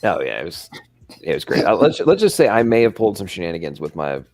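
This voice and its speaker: A man's voice: low voice, big pitch swings, fast, a little mellow, dry recording. A man with an American accent who grew up in England, hosting a live stream and telling a rambling story, often tagging his lines with "right?". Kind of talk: casual chat, storytelling.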